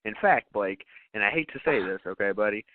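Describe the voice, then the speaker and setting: A man co-hosting a podcast in a casual movie-review chat, animated and swearing, acting out quotes in bursts. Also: fairly low pitch, brisk, no echo, phone-quality sound. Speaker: podcast co-host.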